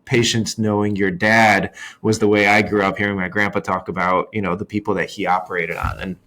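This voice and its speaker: Low-voiced podcast host, thoughtful. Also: male voice, level tone, fairly quick, fairly bright tone. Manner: thoughtful, friendly, rambling questions. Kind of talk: casual interview conversation.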